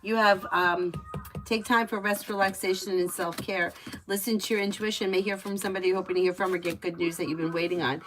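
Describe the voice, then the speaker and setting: A fast-talking tarot reader with a mid-range voice streams live, with background noise audible. Chatty and giggling, she tells lively stories in between her readings.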